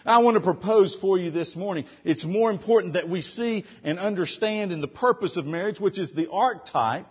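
A man preaching a sermon as pastor, asking rhetorical questions and driving points home with emphasis, loud one moment and soft the next. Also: high-pitched, fairly quick, hardly any pauses, breathy edge, lo-fi sound.

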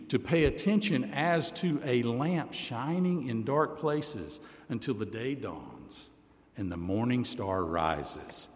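A man preaching a sermon as pastor, reading scripture aloud and slowing down, dropping his voice low to stress key words. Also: big-room sound. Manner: deliberate preaching, slows and drops low for emphasis, reads scripture aloud.

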